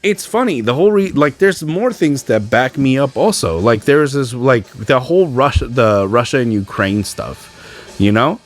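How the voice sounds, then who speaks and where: A man's voice: mid-range voice, lively intonation, unhurried, soft background music. A young man hosting a podcast, ranting alone with frustration and mocking other people's words. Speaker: podcast host. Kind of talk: solo ranting podcast monologue.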